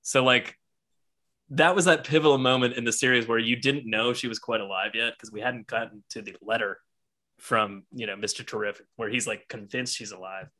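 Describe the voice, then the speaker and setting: A man co-hosting a comic book podcast, talking excitedly, swearing a lot and acting out characters' lines. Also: medium pitch, fairly quick. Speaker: podcast co-host. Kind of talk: casual comic book discussion.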